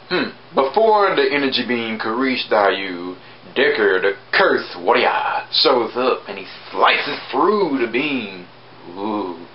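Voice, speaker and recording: A man's voice: slow pace, lo-fi sound, a little hiss or hum. Chatty sarcastic man reviewing an episode. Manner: chatty, sarcastic asides, animated pitch jumps. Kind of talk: casual spoken review.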